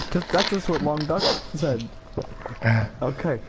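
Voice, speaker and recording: A man reading fan fiction aloud on a comic livestream. He keeps his voice deadpan but keeps breaking into laughter. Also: on the high side, unhurried, very noisy. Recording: loud music behind the voice.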